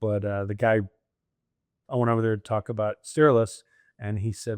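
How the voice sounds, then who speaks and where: A man's voice: lowish voice, little pitch movement, normal speed, pauses often, darkish tone, no echo, clean studio sound. A middle-aged man, a franchise owner, telling stories in casual conversation, laughing often and acting out the voices of the people he quotes. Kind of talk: conversational storytelling.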